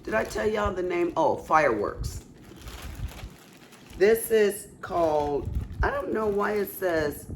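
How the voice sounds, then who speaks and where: A woman's voice: fairly low pitch, lively intonation, takes it slowly, a little hiss or hum. A woman with a cough, chatting to viewers as she shows off a craft haul, exclaiming often. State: has a cough. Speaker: craft vlogger showing a haul. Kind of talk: casual chat.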